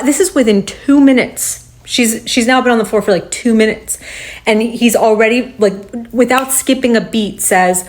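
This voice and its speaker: A woman's voice: a little high, normal speed, darkish tone. Heated woman recapping, swearing often. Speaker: commentator recapping a video. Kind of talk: casual emotional recap.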